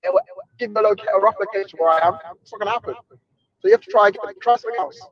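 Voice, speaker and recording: A man's voice: high-pitched, huge pitch swings, racing, gravelly, highs cut off. A man in a heated online argument, mocking and taunting, repeating himself.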